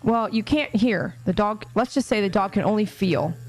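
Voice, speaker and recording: A woman's voice: mid-range voice, moderate pace. Chatty woman groomer hosting a watch party. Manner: chatty, reads viewer comments aloud, teasing. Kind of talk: casual live-stream chat.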